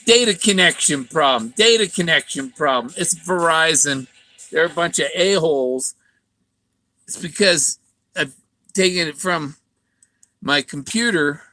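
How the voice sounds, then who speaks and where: A man's voice: fairly high pitch, bright, forceful tone, no room sound. A man rambling through a casual monologue, stumbling and repeating words, sometimes mimicking other voices. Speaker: vlogger.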